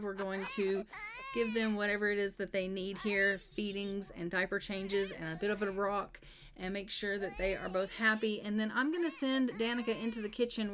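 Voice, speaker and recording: A woman casually narrating her life-sim gameplay, chatty, with wry asides and frequent laughs. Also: medium pitch. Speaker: let's play narrator.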